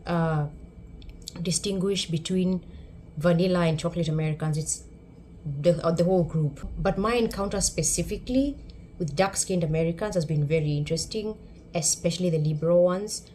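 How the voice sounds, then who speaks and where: A woman's voice: lowish voice, moderate pace, mellow, a little hiss or hum. A woman with a Kenyan accent giving a wry, sarcastic, emphatic commentary on her vlog. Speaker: YouTube commentator.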